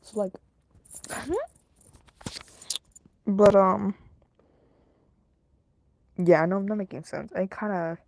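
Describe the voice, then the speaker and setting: A woman's voice: medium pitch, fairly even intonation, slow pace, gravelly, long pauses, darkish tone, a little hiss or hum. A young woman hosting a true crime podcast, rambling and joking with lots of fillers and laughs. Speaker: podcast host. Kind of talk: casual true crime commentary.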